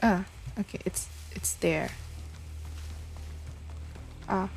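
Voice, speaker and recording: A woman's voice: on the low side, drawn-out words, vocal fry, darkish tone, slight background noise. A woman streamer giving casual, hesitant commentary while playing a game, mumbling with many fillers.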